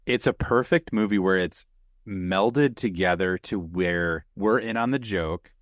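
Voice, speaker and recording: Man, podcast co-host, easygoing and agreeable, lowish voice, dry sound. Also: a little slow, dry recording. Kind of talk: casual podcast chat.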